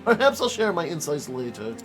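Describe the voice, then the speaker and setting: Streamer doing a pompous, wordy scholar sleuth for a game, formal, lecturing, a bit high. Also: male voice, sing-song, fairly quick, fairly bright tone, soft background music. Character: pompous male scholar detective, learned and wordy. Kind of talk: reading game dialogue aloud in character.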